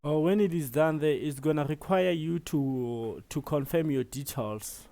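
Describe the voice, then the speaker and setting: A South African man giving a relaxed step-by-step tutorial, with many fillers as he explains. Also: fairly high pitch, a little slow, gravelly. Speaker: tutorial presenter. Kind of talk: screen-recorded tutorial.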